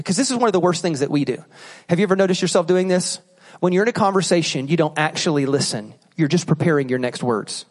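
A man preaching a sermon in a church, animated and joking, acting out examples as he teaches. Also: a little high. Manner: animated, joking, acts out bad apologies. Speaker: pastor. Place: church auditorium. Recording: long reverb of a large hall.

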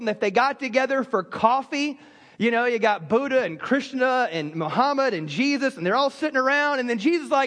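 A man's voice: very high-pitched, lively intonation, normal speed, fairly bright tone. A man from South Carolina, preaching a sermon to a church congregation with humorous storytelling. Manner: humorous storytelling, acts out quotes. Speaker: pastor. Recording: long reverb of a large hall.

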